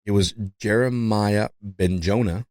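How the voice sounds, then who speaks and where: Podcast host, male, English not his first language; low-pitched, loose and rambling, dry studio sound. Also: a little slow, darkish tone, no room sound. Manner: rambling, fillers, frequent "you know", laughs often. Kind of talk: casual podcast chat.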